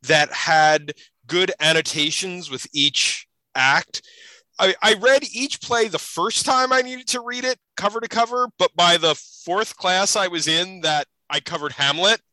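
A man's voice: sits high, a little slow, bright, forceful tone, no room sound, rough recording. A man hosting a casual interview, chatty and wry. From United States.

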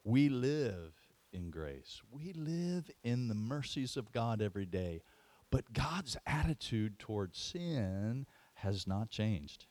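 Male pastor, sermon, lively pitch, dry close sound. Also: slow pace, dry recording. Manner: animated storytelling preacher.

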